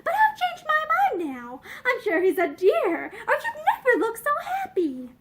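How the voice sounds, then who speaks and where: A woman reading aloud and voicing a brisk, frank young woman who speaks dryly, promptly and bluntly. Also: very high voice, huge pitch swings, fairly bright tone, voice pushed up, heavily acted.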